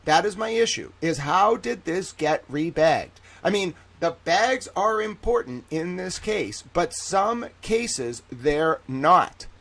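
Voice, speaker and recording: Man reading as a defense attorney at sidebar, insistent, lively swooping pitch, fairly high voice. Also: takes it slowly, hardly any pauses, full character voice. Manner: dramatic reading of a transcript. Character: male defense attorney arguing at a court sidebar.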